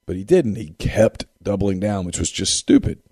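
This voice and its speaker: A man with a low, mellow voice, holding forth on a sports talk show. He talks emphatically, repeating phrases to drive his points home. The sound is dry and close. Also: very animated, moderate pace, slightly rough, no echo.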